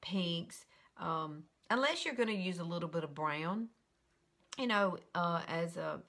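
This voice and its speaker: Chatty Southern woman, older, bright voice. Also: fairly low pitch. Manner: chatty, giggly, rambling. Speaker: makeup tutorial host. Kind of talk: casual live-stream chat. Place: bedroom at home.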